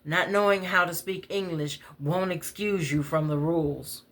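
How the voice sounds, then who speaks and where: A woman's voice: fairly low pitch, moderate pace, lightly acted. A woman voicing a stern bus driver scolding passengers over the microphone. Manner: scolding, firm.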